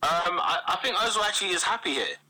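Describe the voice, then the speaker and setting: Man, bright, forceful voice, casual football talk, restarts his sentences. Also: sits high, very animated, quick pace, breathy edge, poor audio. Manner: hesitant, repeats words, then runs on. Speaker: podcast co-host. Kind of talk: casual football podcast chat.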